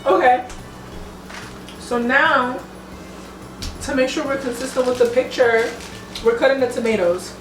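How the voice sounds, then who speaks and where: A young woman's high voice comes through a little slow, with long pauses, as she cooks in her home kitchen and banters playfully with viewers in slangy speech. Background music plays, and the mic sits at a distance in the echoey kitchen.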